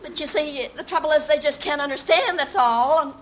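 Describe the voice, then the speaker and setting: A woman's voice: sits high, fairly quick, natural voice, poor audio. A woman acting an earnest young working-class woman who politely pleads her case to a judge in a dramatic monologue. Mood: pleading.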